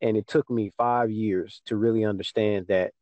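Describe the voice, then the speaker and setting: A man's voice: on the low side, steady tone, moderate pace, darkish tone, no room sound. A young man from Texas in casual chat, telling a story and acting out what people said to him. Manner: storytelling, acts out dialogue with mom.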